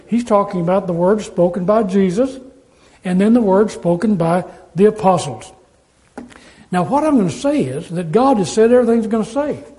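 A man's voice: sits high, mellow, rough recording. A man preaching a sermon, earnest and emphatic, repeating key points to drive them home.

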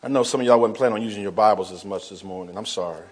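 A man preaching a sermon, folksy, calling the congregation y'all, swinging from soft asides to shouted emphasis. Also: on the low side, racing, husky. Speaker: pastor.

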